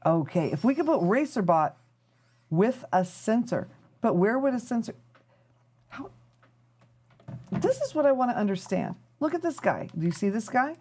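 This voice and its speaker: A woman's voice: a little high, very animated, moderate pace, long pauses, darkish tone. A woman hosting a live stream, chatting casually and rambling to her viewers as she thinks aloud while tinkering. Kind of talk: casual chat to a live audience.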